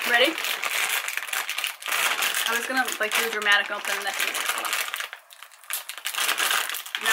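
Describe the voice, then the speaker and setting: A woman's voice: on the high side, heavy background noise. A young adult woman chatting playfully in a casual vlog, joking as she tries snacks. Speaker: vlogger.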